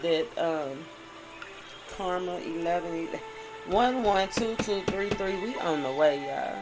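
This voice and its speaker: Spiritual tarot reader, preachy, reads aloud then comments, mid-pitched voice, music playing clearly underneath. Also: lively intonation, slow pace, low-quality recording. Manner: preachy, often asks "right?"; mixes reading aloud with heartfelt spiritual commentary. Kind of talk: spiritual tarot reading monologue.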